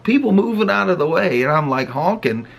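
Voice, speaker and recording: Middle-aged man telling a lively story. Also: high voice, brisk, vocal fry. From Pacific Northwest of the US. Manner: animated, laughs and acts out the story. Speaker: vlog host. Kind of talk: casual storytelling.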